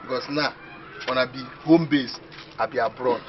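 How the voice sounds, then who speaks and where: An actor with a Nigerian accent playing an excitable young village man who laughs and boasts about his plans. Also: mid-range voice, moderate pace, noisy background, lightly acted. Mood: scheming. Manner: exclaiming, laughing often, animated. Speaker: actor in a comedy film. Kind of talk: Pidgin comedy film acting. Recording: dull lo-fi film audio.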